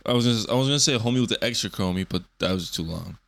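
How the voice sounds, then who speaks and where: A man's voice: on the low side, expressive, rapid-fire, gravelly, fairly bright tone. A man in his twenties hosting a solo podcast, rambling loosely and swearing often. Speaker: podcast host.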